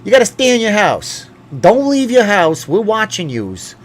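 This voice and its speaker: A man putting on a pushy New York tough-guy voice, loud and threatening. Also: sits high, huge pitch swings, moderate pace, voice pushed up. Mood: menacing. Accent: put-on New York.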